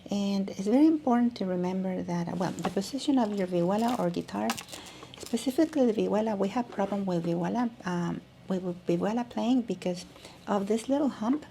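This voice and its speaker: A woman's voice: medium pitch, fairly quick, gravelly, mellow, a little hiss or hum. A woman teaching a music lesson, demonstrating as she talks and often restarting her sentences. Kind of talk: instructional video lesson.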